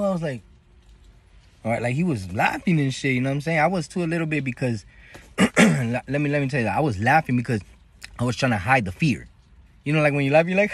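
A man telling a slangy, animated story to his viewers, acting out the voices of the people in it. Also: on the high side, brisk, breathy edge. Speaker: vlogger. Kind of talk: casual storytelling.

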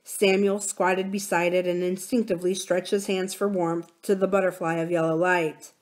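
Library reader, woman, calm novel narration. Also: on the low side, moderate pace. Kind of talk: reading a novel aloud.

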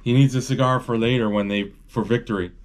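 A man giving a live, off-the-cuff retelling of a movie as he watches it, halting and correcting himself as he thinks aloud. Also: medium pitch, steady tone. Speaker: channel host describing a movie. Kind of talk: live play-by-play retelling of a film.

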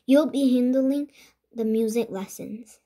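A woman whose first language is Korean reading the lines of a bossy young girl inventor from a children's book, in a halting, stumbling way. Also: on the high side, mellow. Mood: instructing. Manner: halting, stumbling read-aloud. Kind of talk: children's book read aloud.

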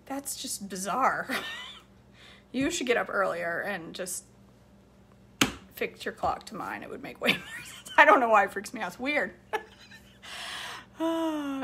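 This cooking vlog host has a sharp, rather high female voice, with a slight hiss or hum on the recording. She hosts a casual live cooking chat from her home kitchen, laughing often and reading viewer comments aloud.

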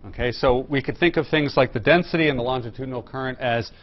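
A man's voice: medium pitch, quick pace. Man lecturing on physics, dull lo-fi sound. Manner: explains step by step, many fillers and restarts. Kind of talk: technical lecture at a whiteboard. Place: lecture room.

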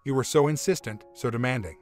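A man voicing an angry, hurt young wife who snaps sharp accusations in a read-aloud story. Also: medium pitch, fast talker, soft background music, close to an everyday voice.

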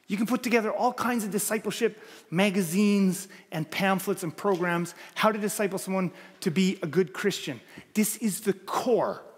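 A man's voice: high voice, husky, long reverb tail. A man preaching a sermon as pastor, earnest and emphatic, building points through repeated phrases. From Canada. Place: church sanctuary.

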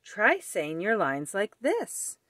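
Storybook turtle boy, young and shy, a woman reading him, slow talk, dry close sound. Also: medium pitch, wildly swooping pitch, fairly bright tone, no room sound, voice pushed up, full character voice. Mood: cheerful.

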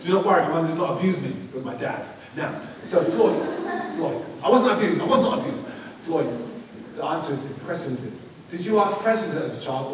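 A man's voice: on the high side, animated, a little fast. A man performing spoken-word poetry and answering pupils' questions, with rhythmic delivery and playful banter. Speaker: visiting poet. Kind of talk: school visit poetry performance and Q&A. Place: school hall. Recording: echoey hall from far off, noisy.

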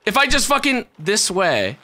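A man giving let's-play commentary, excitable, yelling, swearing and laughing as he plays. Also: high voice, normal speed. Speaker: gaming YouTuber. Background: game music.

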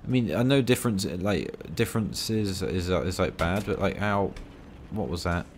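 A gaming video creator with a very low, deep voice talks loosely and ramblingly over his gameplay at a moderate pace with lively intonation. He pokes fun at himself and drops dry little asides, with a faint hiss beneath his voice.

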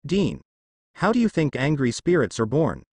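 A man voicing a calm female reaper who speaks in a soothing, matter-of-fact way. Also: medium pitch, moderate pace, no echo.

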